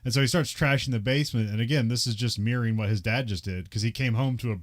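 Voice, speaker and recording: A man's voice: mid-range voice, quick pace. A man co-hosting a podcast, recapping a movie in loose casual chat and laughing often. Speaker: podcast co-host. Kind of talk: casual film discussion.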